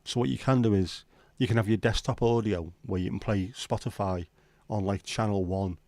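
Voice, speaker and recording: A Liverpool man with a Scouse accent hosts a casual livestream, rambling and swearing as he banters with viewers. His voice is on the low side, steady and darkish, at a moderate pace in a dry recording.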